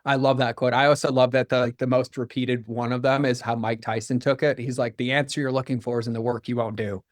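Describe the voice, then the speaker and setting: A man speaking as a podcast guest, telling a personal story in a candid, animated way and acting out the dialogue he quotes. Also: mid-range voice, fast, no room sound, clean studio sound. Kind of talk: storytelling in conversation.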